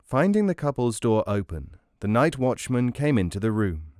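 A man reading a folk tale aloud in a measured, expressive way. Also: mid-range voice, dry recording, clean studio sound. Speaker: storyteller. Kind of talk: read-aloud storybook narration.

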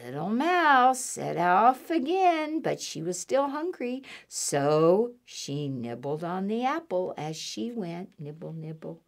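A woman's voice: medium pitch, slow pace, hardly any pauses. A woman, a children's librarian, reading a picture book aloud and asking the children questions as she goes. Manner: animated, asks kids questions. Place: public library.

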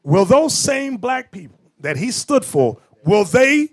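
Man, high voice, very lively pitch, preaching sermon, shouts for emphasis. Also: a little slow. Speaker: bishop preaching. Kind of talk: animated sermon with storytelling.

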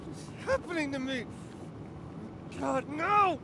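A high, frantic young man shouts and cries out as something takes over his body, his voice leaping all over. The game audio sits under loud noise. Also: animated, slow, full character voice. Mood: panicked. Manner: frantic, yelling. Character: young man panicking over new powers.

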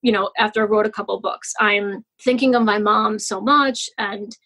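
This rough recording captures a woman in her forties with a mid-range voice that sounds pushed and bright, with fairly even intonation at normal speed. A children's author and podcast guest, she tells a personal story in a casual interview, chatty and emotional, with many fillers and restarts.

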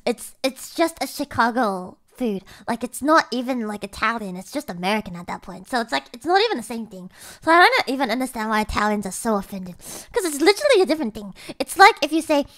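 A woman's voice: on the high side, big pitch swings, quick pace. A woman streamer in casual livestream chat, reading chat aloud and swearing casually. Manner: swears casually, breaks into loud laughter.

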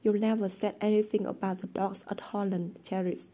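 A woman's voice: mid-range voice, flat delivery, moderate pace, dark tone, lightly acted. A woman voicing a good-natured but easily exasperated teenage boy in a storybook reading, teasing and indignant.

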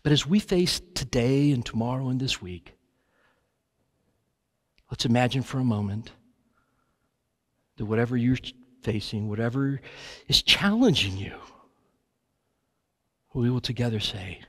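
A man leading a congregation in an earnest, halting spoken prayer in church. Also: mid-range voice, expressive. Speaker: guest preacher leading prayer. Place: church sanctuary.

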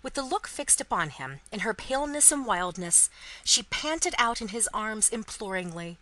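A woman narrating a classic novel in an expressive, dramatic storybook reading for English learners. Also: fairly high pitch, moderate pace, no echo, low-quality recording.

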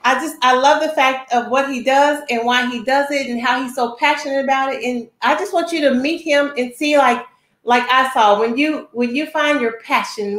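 An energetic woman hosting a talk show, with a bright, high voice. She chats in a lively way and keeps checking in with her listeners. The room around her has a noticeable echo. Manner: energetic, chatty, keeps asking "right?". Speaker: show host. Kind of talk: upbeat talk-show introduction.

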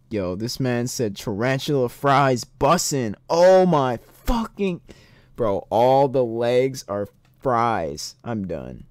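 A young man streaming a rhythm game, commenting excitedly, swearing often and laughing a lot, reading the game's dialogue aloud. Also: medium pitch, unhurried, no echo. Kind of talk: gameplay commentary.

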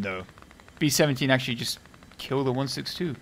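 A man giving chatty, sarcastic gameplay commentary, muttering one moment and bursting out loudly the next. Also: mid-range voice, expressive, fairly quick, pauses often. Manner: chatty and sarcastic, swinging from mutters to loud outbursts, heavy slang. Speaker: video game commentator.

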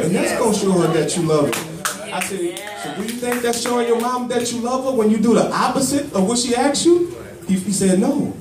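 High-voiced male preacher in echoey church. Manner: storytelling preaching with call-and-response. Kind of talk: sermon. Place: church with congregation. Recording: echoey church from far off with congregation.

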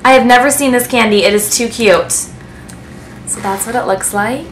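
A woman in a casual beauty vlog, unboxing gifts to camera and gushing with excitement. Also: on the high side, measured pace, a little hiss or hum. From United States. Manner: gushing, excitable, breathless with delight. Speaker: beauty vlogger. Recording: echoey room.

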